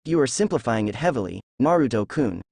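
A man voicing a patient, gentle female cat spirit in a fan fiction reading, calm and softly teasing. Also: medium pitch, a little fast, vocal fry, breathy edge, no room sound, studio quality, exaggerated voice.

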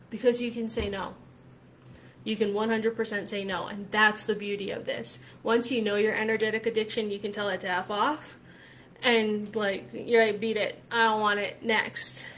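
A woman's voice: on the high side, fairly bright tone, a little hiss or hum. A woman coach talking casually to her viewers, emphatic and chatty, often tagging her points with "right?" and swearing freely. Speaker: spiritual coach. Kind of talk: casual talk to camera.

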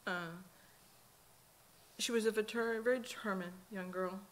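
A woman's voice: mid-range voice, steady tone, a little slow. A middle-aged woman, a mother speaking at a memorial service, telling earnest, folksy stories about her daughter with lots of quoted dialogue. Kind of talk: personal eulogy storytelling. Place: church sanctuary.

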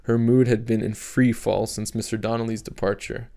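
A man narrating an audiobook chapter in a steady, measured reading. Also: fairly low pitch, creaky. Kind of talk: scripted narration.

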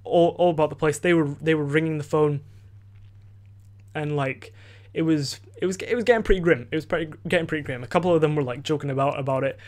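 A teen boy hosting a podcast rattles off a casual story into a desk mic, his voice a little high and a little mellow. He rambles fast, stumbles through restarts and fillers, and swears freely.

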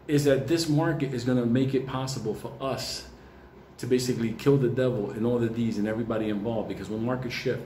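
A man's voice: medium pitch, mellow. A man telling a rambling personal story in a casual, heavily profane way, often breaking into laughter. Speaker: market commentator telling a story. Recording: echoey room, faint ambient noise.

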